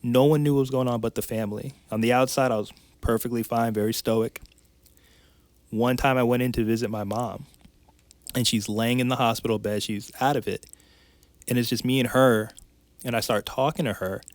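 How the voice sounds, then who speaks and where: Man, mid-pitched, candid emotional storytelling, dry voice. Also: steady tone, normal speed, dry recording. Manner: candid and emotional, tumbling phrases with restarts. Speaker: podcast guest, life coach. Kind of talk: personal storytelling in conversation.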